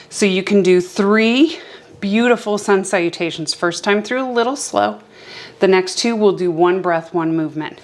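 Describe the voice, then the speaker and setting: A young adult woman teaching a beginner yoga class, calmly cueing each breath and movement step by step. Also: mid-range voice. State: a little out of breath at times. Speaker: yoga instructor. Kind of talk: guided yoga class instruction.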